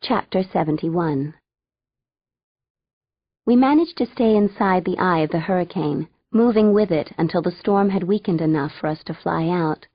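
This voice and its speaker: A woman narrating a first-person audiobook with a wry, lively delivery, voice set a little low. The recording is dry and close, with a slightly dull, muffled top. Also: slightly rough, dry recording.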